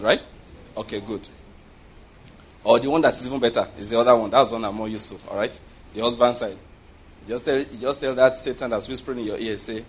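A man's voice: mid-range voice, a little fast, husky. A man preaching a sermon, who keeps checking in with the congregation and acts out little voices to make his points. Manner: animated preaching with call-and-response checks and acted-out voices. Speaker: pastor.

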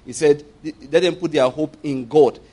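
A man's voice: fairly high pitch, steady tone, measured pace, dark tone, slightly rough. A Nigerian man in middle age delivers a sermon in a slightly raised voice. He is emphatic and repeats key phrases. He slips into quoted voices as he tells his points. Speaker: preacher.

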